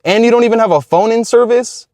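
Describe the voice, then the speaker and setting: A man's voice: very high voice, fast, a little mellow, no room sound, studio quality, pitched above the performer's own voice. A man imitating a preachy young male police officer who scolds and questions him in disbelief. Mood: scolding. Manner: scolding, incredulous.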